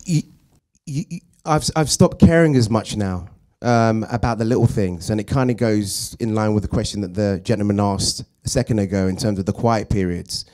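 A man who founded a drama school, answering thoughtfully at a Q&A in an earnest, halting way. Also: on the low side, a little mellow. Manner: earnest, halting, many fillers. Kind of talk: reflective answer at a Q&A.

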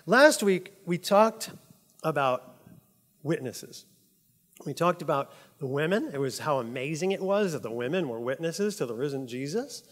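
A man's voice: a little high, big-room sound. A man giving a casual, conversational sermon as pastor, laughing often and asking "right?". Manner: chatty, laughs often, says "like" and "right?" a lot.

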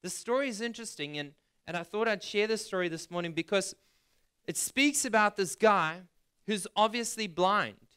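A man's voice: high voice, normal speed, bright, forceful tone, clear, resonant tone. A man giving a sermon, retelling a scripture story in plain words and asking his listeners questions. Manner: conversational preaching, asks the audience questions. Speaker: pastor.

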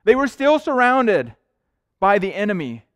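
A man's voice: sits high, big pitch swings, measured pace, fairly bright tone, dry recording, studio quality. A male pastor preaching a sermon in an earnest, conversational way, often checking in with the congregation. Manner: conversational, earnest preaching with frequent "right?" asides. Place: church sanctuary.

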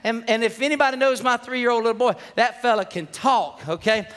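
A man's voice: very high-pitched, fairly quick, a bit bright. A man preaching a sermon in a church, telling a personal story earnestly and with emotion. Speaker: pastor. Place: church sanctuary. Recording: long church hall reverb.

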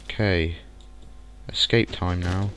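A man commentating a game let's play, excitable and muttering curses at the game. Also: low voice, slow pace, slight background noise. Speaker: gaming channel host.

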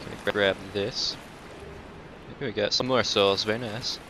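A man doing casual let's-play commentary, cursing and taunting enemies, dropping to mutters and then breaking into loud outbursts. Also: on the low side, steady tone, unhurried, background noise. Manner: profane, talks back to enemies, swings between mutters and outbursts. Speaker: gameplay commentator.

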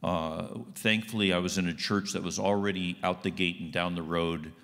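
A man's voice: deep voice, steady tone, normal speed, a bit bright, big-room sound. A man giving a guest sermon in a church, folksy and conversational. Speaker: guest speaker. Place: church sanctuary.

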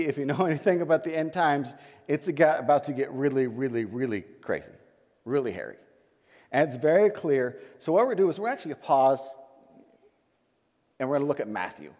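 A man preaching a sermon as a pastor, telling a personal story in a conversational, animated way. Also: medium pitch, long reverb tail. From United States. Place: church sanctuary.

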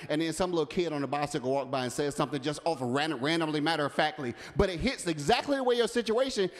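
A man minister preaching a sermon, with call-and-response and building emphasis. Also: high voice. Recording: reverberant church hall.

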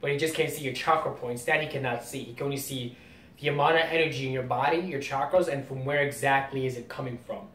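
A man's voice: quick pace, fairly bright tone. A man hosting a casual comic reaction video, rambling and explaining as he goes. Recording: roomy distant mic, faint rumble.

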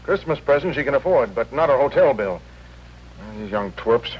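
Cynical hotel clerk, lively voice, dull old recording. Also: male voice, medium pitch, moderate pace, breathy edge. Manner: dismissive, wisecracking. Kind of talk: 1950s TV drama acting. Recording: dull 1950s TV audio with faint hiss.

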